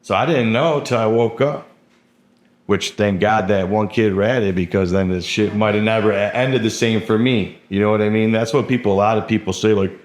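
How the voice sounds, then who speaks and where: A man's voice: on the low side, normal speed. A young man telling his own story in a casual, rambling way, full of fillers and swearing. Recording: roomy echo.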